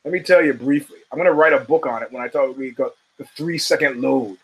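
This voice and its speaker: A man's voice: medium pitch, a little fast, husky, rough recording. A man in his fifties hosting a podcast, ranting about fight results with lots of profanity and rambling asides. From United States. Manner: emphatic, ranting, profane, digressive. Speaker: podcast host.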